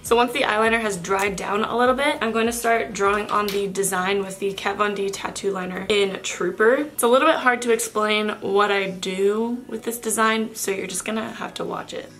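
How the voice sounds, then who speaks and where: Young woman with a cold, raspy. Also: mid-range voice, steady tone, normal speed, hardly any pauses, fairly bright tone. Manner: chatty, self-correcting, apologetic. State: has a cold, raspy and nasal. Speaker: makeup vlogger. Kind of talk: makeup tutorial narration.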